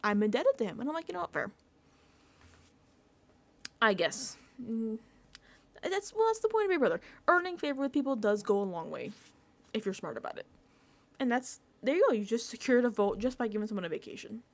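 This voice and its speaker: A young woman chatting casually about a reality show, animated, swearing freely and mimicking people in whiny pleading voices. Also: fairly high pitch, fairly quick, pauses often. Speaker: reality TV recap vlogger. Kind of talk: casual reaction chat.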